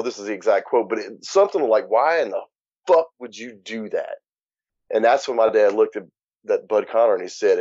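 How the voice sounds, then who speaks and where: A man's voice: fairly low pitch, a little mellow, dry recording. Frank man telling a story, muffled sound. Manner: frank, swears, laughs at grim moments. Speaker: interview guest. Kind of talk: candid conversational storytelling. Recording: dull muffled podcast audio.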